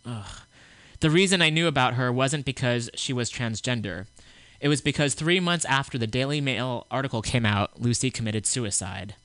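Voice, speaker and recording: Blunt radio host reading news aloud. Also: male voice, mid-range voice, expressive, fairly bright tone, no echo. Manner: blunt, opinionated asides; reads a statement aloud with halting restarts. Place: small radio studio.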